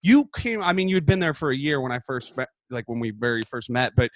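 A male comedian chatting casually with a fellow comic, swearing freely and getting animated as he tells stories. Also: medium pitch, fast. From Texas. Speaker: comedian, podcast host. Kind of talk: casual chat.

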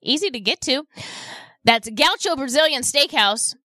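A woman's voice: sits high, lively intonation, measured pace, sharp tone, dry recording. A woman hosting a live radio shopping show from a studio mic, bubbly and cooing over the deals as she reads them out. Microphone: studio microphone.

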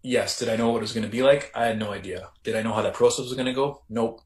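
A Canadian man, a former correctional officer, recounting his story in a reflective, halting way with many restarts. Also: mid-range voice, steady tone, a little mellow. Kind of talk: casual storytelling interview. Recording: roomy echo.

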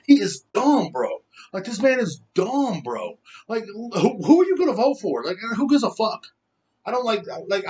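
A man in his thirties hosting a podcast, ranting heatedly and rambling, swearing often. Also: fairly high pitch. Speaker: podcast host. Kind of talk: casual rant.

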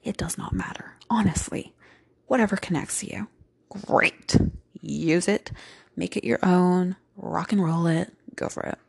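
A woman hosting a gentle self-help talk, rambling with many fillers and slipping into whispered asides. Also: on the low side, vocal fry, husky. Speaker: host.

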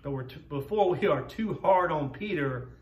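A man preaching a sermon as a pastor, in an earnest, measured way, slowing down to stress key words. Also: on the high side, animated. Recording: roomy echo, voice from a distance.

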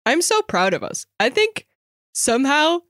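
A woman's voice: high voice, very animated, a little slow, fairly bright tone, no room sound, clean studio sound. A woman co-hosting a casual podcast, giggly and enthusiastic as she chats. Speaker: podcast co-host. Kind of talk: casual chat. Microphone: studio microphone.

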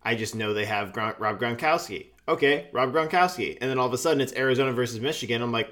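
A man chatting casually among friends, rambling and halting as he recounts his picks. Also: mid-range voice, a bit bright. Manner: rambling, halting with restarts and fillers. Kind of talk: casual chat.

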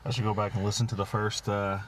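Talking fast in a fairly low, level voice, this podcast co-host keeps the chat casual. He's rambling and self-deprecating, frequently leaving thoughts unfinished. The podcast audio is lo-fi with faint hiss.

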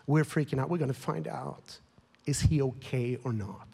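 A man's voice: medium pitch, normal speed, creaky, husky. A man preaching a sermon as a pastor, telling a story with rising emotion and growing heat. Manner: emotional, grows louder and more heated, whispers at times. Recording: long hall reverb.

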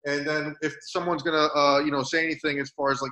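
A man's voice: on the high side, little pitch movement, quick pace, hardly any pauses, sharp tone. A man speaking as a guest in a casual chat, rambling and full of filler words. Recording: roomy echo.

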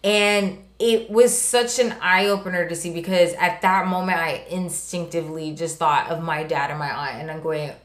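A woman's voice: on the low side, steady tone, normal speed, hardly any pauses. A woman co-hosting a podcast who talks casually and with energy, swearing freely as she retells scenes. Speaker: podcast co-host. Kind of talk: casual chat. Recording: roomy echo.

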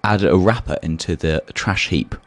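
A man co-hosting a comedic podcast, lively and playfully mock-outraged, laughing often. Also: low voice, normal speed. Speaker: podcast co-host. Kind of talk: casual comedic podcast chat.

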